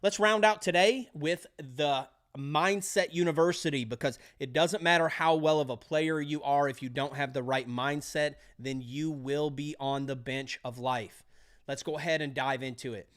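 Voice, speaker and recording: A man's voice: a little high, normal speed. Upbeat man coaching electricians. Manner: energetic, pep-talk, repeating key phrases. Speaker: electrical exam prep coach. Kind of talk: motivational trade lesson.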